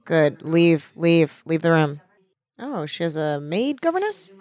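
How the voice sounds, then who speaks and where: A woman chatting casually as she watches a film with a friend, reacting with groans and quick comments. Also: low-pitched, sing-song, a little mellow, no room sound.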